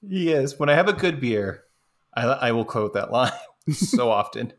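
A man's voice: mid-range voice, expressive, normal speed. A man co-hosting a casual movie chat, answering with short wry reactions and chuckles. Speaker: podcast co-host.

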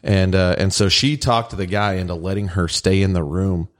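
A man's voice: low-pitched, fairly even intonation, normal speed. A man telling a story in casual podcast chat, rambling with lots of fillers.

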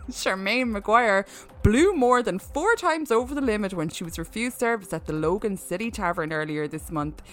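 A woman's voice: mid-range voice, expressive, normal speed. A woman co-hosting a comedy podcast, joking around and reading odd news stories in a playful mock-newscaster way, often breaking into giggles. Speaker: podcast co-host.

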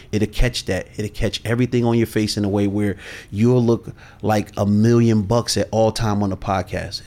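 Male sales coach, lowish voice, slow and authoritative, interview guest. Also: a little mellow. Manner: measured, deliberate and authoritative. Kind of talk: podcast interview talk.

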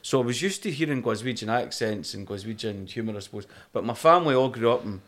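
A man's voice: medium pitch, lively intonation, fast talker, fairly bright tone. A Scottish man with a Falkirk accent, chatting casually and telling stories, swearing freely along the way. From Scotland. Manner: storytelling, swears freely, slips into quoted voices. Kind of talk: casual chat.

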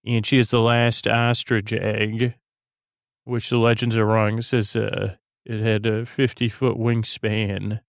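A man's voice: fairly low pitch, little pitch movement, slow, creaky, no echo. A man hosting a sleep podcast, recapping an episode in a meandering, filler-heavy way. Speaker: podcast host.

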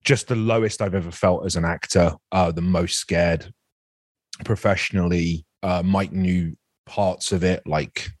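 A man's voice: low voice, steady tone, no room sound, clean studio sound. A man in his forties, an actor guest speaking candidly in an interview, often restarting his sentences. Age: 40s. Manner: candid, halting, with many restarts.

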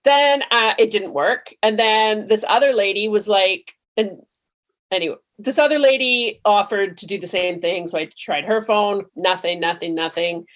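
A woman co-hosting a comedy podcast, telling a story in an animated way and swearing freely. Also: mid-range voice, normal speed. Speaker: podcast co-host. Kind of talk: casual storytelling chat.

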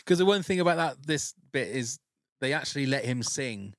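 A man's voice: medium pitch, animated, normal speed, a loud crowd. A man hosting a podcast, chatting casually and steering the conversation between guests. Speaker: podcast host.

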